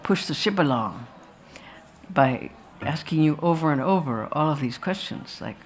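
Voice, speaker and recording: Her voice is low, her intonation lively, her speed normal, and there's a little hiss or hum. She's the filmmaker, giving a post-screening talk about her film before a festival audience in a rambling, anecdotal way, with restarts and asides.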